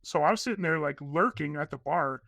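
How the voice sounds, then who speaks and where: Excitable rambling storyteller man, bright edge. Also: on the high side, a little fast, creaky, dry recording. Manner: excitable, rambling storyteller who acts out quoted voices. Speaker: podcast guest, documentary filmmaker. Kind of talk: casual interview storytelling.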